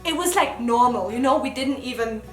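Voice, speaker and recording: A young woman casually telling a story, animated and acting out the lines she quotes. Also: fairly high pitch, fairly quick. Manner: animated, acts out quoted lines, laughs often. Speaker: co-host. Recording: echoey room with music.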